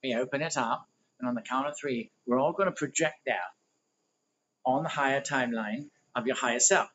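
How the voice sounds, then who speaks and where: A man's voice: medium pitch, brisk, fairly bright tone. A man teaching a livestreamed spiritual workshop, rambling and conversational while he explains diagrams. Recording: dull lo-fi livestream audio.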